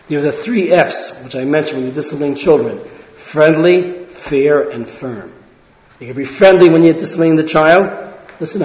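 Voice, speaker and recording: A man's voice: fairly high pitch, darkish tone. Lecturing man in an echoey hall. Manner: rhetorical questions, frequent restarts and tag "right?". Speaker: religious parenting lecturer. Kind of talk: informal lecture with anecdotes. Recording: echoey hall, dull lo-fi sound.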